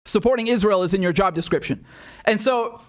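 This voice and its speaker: A man's voice: high voice, a little fast. A man reacting to political clips with profane, incredulous and mocking commentary. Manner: incredulous and mocking, swears often.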